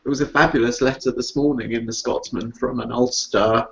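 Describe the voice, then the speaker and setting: A man's voice: medium pitch, steady tone, brisk, vocal fry. A man in casual chat on a discussion show, talking hesitantly and often restarting. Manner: hesitant, with many fillers and restarts. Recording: dull lo-fi sound.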